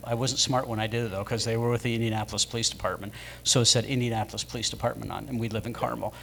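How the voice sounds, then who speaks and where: A man's voice: medium pitch, steady tone, very fast, vocal fry, a bit bright, slight background noise. Rambling man telling stories. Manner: rambling storyteller with many fillers. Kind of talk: casual anecdotes. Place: pub with a live audience.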